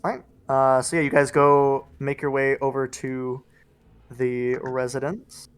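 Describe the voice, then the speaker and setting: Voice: mid-range voice, flat delivery, a little slow, smooth, no room sound. Hesitant game master narrating. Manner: hesitant, many fillers while narrating.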